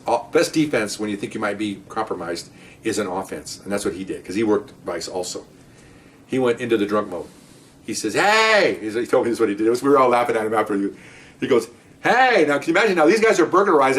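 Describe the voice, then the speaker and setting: Man, fast-paced rambling storyteller, cop anecdotes, a bit far from the mic. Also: mid-range voice. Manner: rambling, restarts, acts out voices loudly. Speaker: retired police officer telling stories. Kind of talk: casual storytelling.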